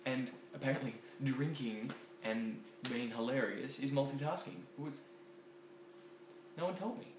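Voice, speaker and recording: A young man talks through his day in a loose, excitable vlog, tripping over ums and likes as he goes. His voice sits at a middling pitch. The echoey home kitchen carries a faint, steady background noise. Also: unhurried. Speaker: vlogger. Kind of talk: casual rambling vlog.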